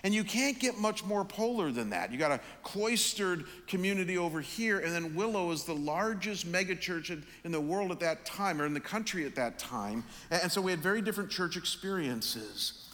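A middle-aged man preaching a sermon, telling a personal story with lively, animated delivery and acting out his own anger. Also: sits high, normal speed. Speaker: pastor. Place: large church auditorium. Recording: hall reverb.

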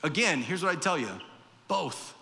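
Male pastor, conversational sermon, quick character voices for quotes, forceful tone, reverberant church. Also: a little high, lively intonation, creaky.

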